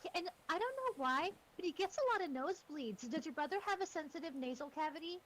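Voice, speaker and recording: A woman's voice: high voice, lively intonation, quick pace, fairly bright tone, a little hiss or hum, low-quality recording. A woman voicing a bubbly, chatty young female adventurer who gushes. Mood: gushing.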